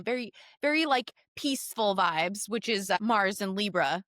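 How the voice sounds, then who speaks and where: A woman's voice: medium pitch, lively intonation, moderate pace, a bit bright, no room sound, studio quality. A woman co-hosting a podcast in casual chat, talking in an enthusiastic way with lots of fillers. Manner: chatty, filler-heavy, enthusiastic. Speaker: podcast co-host.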